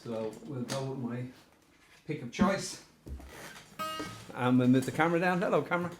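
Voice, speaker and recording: A man's voice: medium pitch, measured pace. An Irish man chatting casually as he unboxes and looks over a guitar, thinking aloud with fond asides. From Ireland. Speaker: guitar reviewer.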